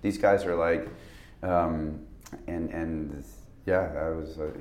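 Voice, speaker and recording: A man's voice: a bass voice, fairly even intonation, slow, a little mellow, a little hiss or hum. A man, an actor, chatting casually in an interview, rambling with restarts and laughing as he tells stories. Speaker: actor guest. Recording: roomy echo.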